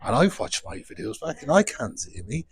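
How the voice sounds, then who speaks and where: This man, a vlogger from Wales who reviews pubs, tells self-mocking stories to camera in a cruise ship bar using a small handheld microphone. He speaks at a moderate pace with big pitch swings in a gravelly, husky, mid-range voice.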